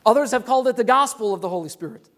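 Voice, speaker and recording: A man's voice: extremely high pitch, lively intonation, very fast, a bit bright. A young man preaching a sermon as pastor, earnest and repeating words as he explains.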